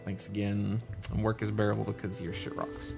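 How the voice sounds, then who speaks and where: A man's voice: on the low side, little pitch movement, brisk, vocal fry, over music. Joking male podcast co-host. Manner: joking, laughs while mimicking message boards. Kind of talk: casual chat.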